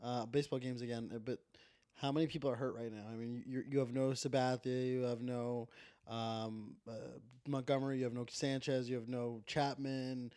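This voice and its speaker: A man's voice: medium pitch, level tone, normal speed, a little mellow, clear, resonant tone, no echo, studio quality. A man co-hosting a casual sports podcast, laid-back and wisecracking. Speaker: podcast co-host. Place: indoors at a table with the host.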